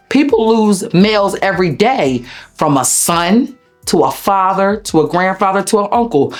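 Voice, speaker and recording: A woman with a Delaware accent, an interview guest telling a personal story in a blunt, profane, animated way. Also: mid-range voice, moderate pace, soft background music. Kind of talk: emotional storytelling.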